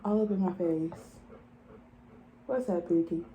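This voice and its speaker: A woman vlogging in casual chat, animated and giggly, with chatty asides and a drawn-out delivery. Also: on the low side, muffled recording, a little hiss or hum.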